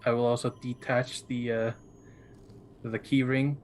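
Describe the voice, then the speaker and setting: Flat-voiced man playing a tabletop game. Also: mid-range voice, a little hiss or hum. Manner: halting, restarts phrases. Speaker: player. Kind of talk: casual tabletop game talk.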